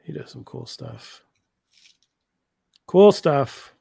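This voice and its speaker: A man's voice: on the high side, huge pitch swings, very slow, gravelly, warm tone, breathy edge. A man in his thirties co-hosting a casual livestream chat, enthusiastic and rambling, full of slang and fillers. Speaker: co-host.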